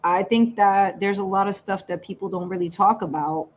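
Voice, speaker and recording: A woman hosting a casual livestream, chatty and animated, laughing often and slipping into Spanish phrases. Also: mid-range voice, moderate pace, slight background noise. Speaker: livestream host.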